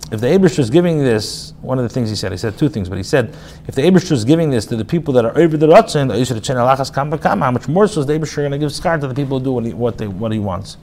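Man, rabbi teaching a class, reads then explains, conversational, restarts often, faint hiss behind. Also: mid-range voice. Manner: reads Hebrew phrases then paraphrases them in English; frequent restarts and filler, conversational. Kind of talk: casual spoken Torah class.

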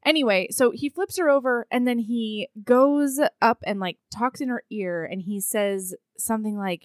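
A woman co-hosting a podcast, casually recapping a book in a playful, animated way. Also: fairly high pitch, moderate pace, few pauses, smooth, no room sound, studio quality. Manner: animated, laughs often, playful. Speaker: podcast co-host.

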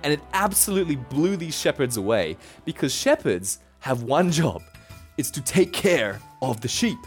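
A man's voice: fairly high pitch, big pitch swings, normal speed, faint music behind. A man preaching a sermon as a pastor, telling the story in a casual, playful way.

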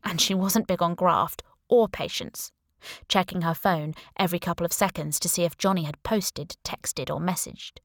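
A woman's voice: fairly low pitch, moderate pace, a bit bright, dry recording, clean studio sound. Woman narrating an audiobook. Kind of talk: first-person audiobook narration.

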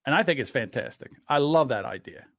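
A man co-hosting a podcast, ranting in a casual, profane and animated way. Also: mid-range voice, a little fast, no echo, studio quality. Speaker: podcast co-host. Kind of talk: casual political podcast chat.

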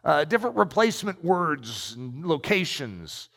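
A man's voice: fairly high pitch, very animated, a little slow, creaky, a bit bright. A man preaching and reading aloud from a book, emphatic and storytelling. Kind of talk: sermon with read-aloud passages. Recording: long echoing reverb.

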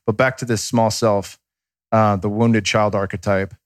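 Man in his thirties, low voice, rambling casual podcast talk, swears freely, dry close mic. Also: fairly even intonation, unhurried, dry recording. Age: 30s. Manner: candid and rambling, swears freely, acts out quotes. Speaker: podcast guest.

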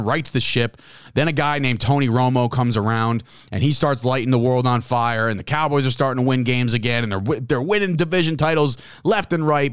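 A man in his thirties hosting a podcast, telling a story in an excitable, rambling way and often correcting himself. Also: mid-range voice, clean tone, no room sound, studio quality. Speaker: podcast host. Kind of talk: casual monologue. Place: lives in New Jersey.

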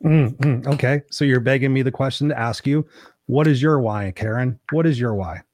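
A man's voice: mid-range voice, normal speed, darkish tone, no echo. A middle-aged man hosting a podcast in casual interview chat, a brash storyteller who swears freely and acts out what people said. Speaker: podcast host.

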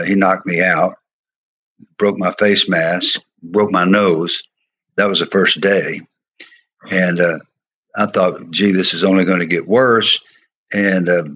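Older Southern man, former coach, husky and low, emphatic storyteller. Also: a bit bright. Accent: American Southern. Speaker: former pro football player and coach, guest. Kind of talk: storytelling interview.

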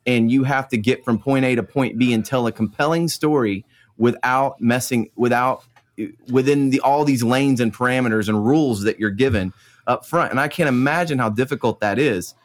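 A man's voice: medium pitch, normal speed. A man hosting a podcast, chatting casually, sometimes stumbling before finding his sentence. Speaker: podcast host. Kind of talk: casual chat.

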